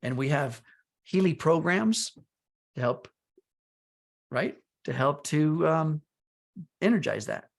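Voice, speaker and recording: A man co-hosting a wellness talk, explaining ideas in a halting way and often restarting his words. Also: fairly high pitch, lively intonation, creaky. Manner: halting, repeats words as he thinks.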